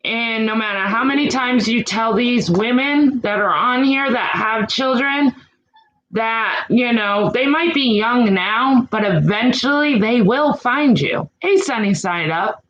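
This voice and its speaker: Slow-talking exasperated woman vlogger. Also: a little high, fairly bright tone, highs cut off. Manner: frank, exasperated, mild swearing; slow and drawn out. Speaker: YouTube channel host. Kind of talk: casual chat to live chat viewers.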